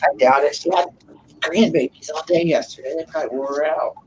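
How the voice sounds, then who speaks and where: A woman chatting casually with friends on a live stream, animated and quick to laugh. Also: low-pitched, a crowd in the background, low-quality recording. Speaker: stream participant. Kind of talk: casual group chat.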